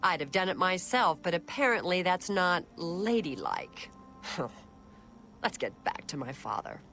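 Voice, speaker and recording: A woman's voice: lowish voice, big pitch swings, a little slow, fairly bright tone, heavily acted. Impatient orc noblewoman. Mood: irritated. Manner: curt and bossy. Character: impatient young female orc noble, rescued daughter. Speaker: game character. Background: game music.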